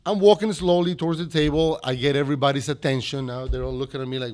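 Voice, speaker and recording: A man's voice: medium pitch, fast talker, a little mellow. A man from Mexico with a Mexican accent, a restaurant owner telling a story as a guest in a podcast interview, acting out the dialogue as he goes.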